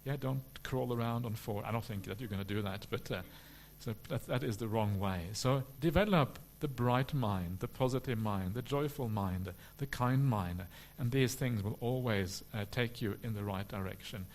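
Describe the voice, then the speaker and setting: Relaxed monk answering questions. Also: male voice, mid-range voice, normal speed, few pauses, a little hiss or hum. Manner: relaxed and humorous, frequent "uh" fillers. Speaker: Buddhist monk teacher. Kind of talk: dharma talk question and answer.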